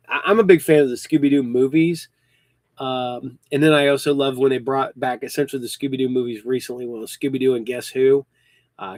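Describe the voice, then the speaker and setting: A podcast host in his early fifties, medium-pitched and a little mellow, meanders through casual talk, often saying um, restarting sentences, and hiccuping now and then. No echo is heard.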